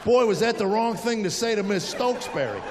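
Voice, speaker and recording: High-voiced older male stand-up comic. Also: expressive, fairly quick, background noise. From United States. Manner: storytelling with acted-out quotes. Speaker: stand-up comedian. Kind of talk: stand-up comedy set. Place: large hall with audience. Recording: live hall reverb.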